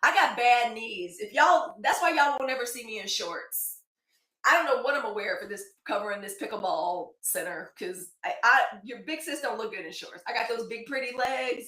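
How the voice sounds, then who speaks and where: A woman in her forties hosts a daily live news show in a casual livestream chat, drifting off topic as she thanks viewers by name. Her voice sits on the high side, bright and forceful, animated, at a moderate pace, recorded in an echoey room.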